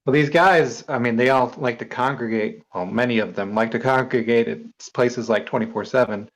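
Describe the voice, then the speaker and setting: A man's voice: mid-range voice, brisk, poor audio. A man on a debate panel critically discussing opponents in casual talk.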